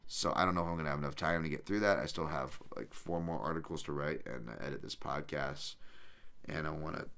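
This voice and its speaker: A man with a low, deep voice hosts a podcast and talks through viewer questions. His tone is clear and smooth, and he rambles loosely, circling back with plenty of fillers. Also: fairly bright tone. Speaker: podcast host. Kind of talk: casual chat answering live chat questions.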